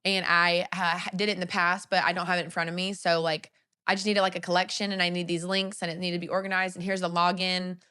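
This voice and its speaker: A woman hosting a business podcast in casual conversation, animated and acting out her own quotes. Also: on the low side, fast talker, smooth. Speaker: podcast host and business owner.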